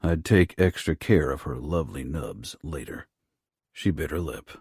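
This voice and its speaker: Very deep, husky male narrator. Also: animated, a little slow, no echo, studio quality. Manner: low, rough, hushed delivery. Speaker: audiobook narrator. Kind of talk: first-person romance audiobook narration.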